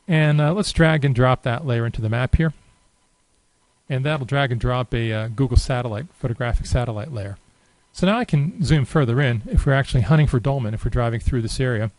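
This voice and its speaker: A man demonstrates software in an easygoing, improvised screen recording, reasoning aloud and leaning heavily on fillers. His voice is mid-range, and the rough recording has no echo.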